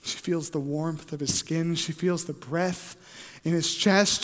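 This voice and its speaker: A man preaching with a high-pitched voice, his words trailing into a long hall reverb. He drops to a near-hush, then builds to fervent, loud peaks. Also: steady tone, unhurried. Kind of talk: sermon.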